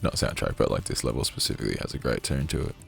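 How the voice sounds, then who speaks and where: A very deep-voiced male streamer chatting casually over gameplay. His voice is croaky and gravelly, full of jokey asides to viewers. Game music plays clearly behind him. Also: racing. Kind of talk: casual gameplay livestream commentary.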